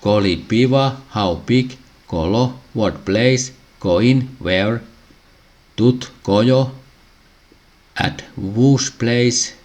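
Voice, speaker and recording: A man slowly reading out a language lesson, pausing often and clearing his throat between phrases. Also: medium pitch, darkish tone. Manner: halting, frequent throat clearing. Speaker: language teacher.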